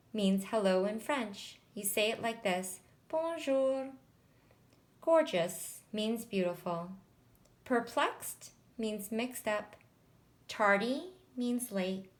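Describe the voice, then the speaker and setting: A woman reading a children's picture book aloud, slow and unhurried. She takes care over each sentence and pauses to explain words for young listeners. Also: mid-range voice. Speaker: storybook reader.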